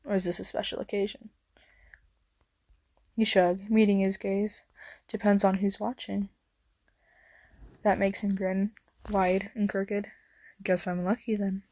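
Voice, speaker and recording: A young woman narrating a second-person romance story in a soft, intimate voice that slips into whispers. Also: medium pitch, vocal fry, no room sound. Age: young adult. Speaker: fan fiction narrator.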